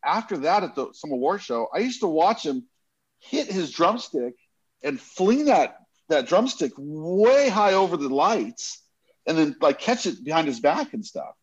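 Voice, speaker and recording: A man with a fairly high, lively voice spins a rambling anecdote, doubling back and restarting as he goes. The recording is dull and lo-fi. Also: a little slow, breathy edge. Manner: animated storyteller, rambling with restarts. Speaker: guest telling a story. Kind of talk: casual anecdote.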